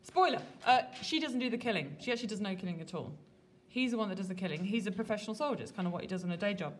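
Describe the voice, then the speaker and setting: A woman teaching a literature lesson to a classroom, lively and colloquial, putting questions to her students. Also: medium pitch, rapid-fire, a little hiss or hum. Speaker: English teacher.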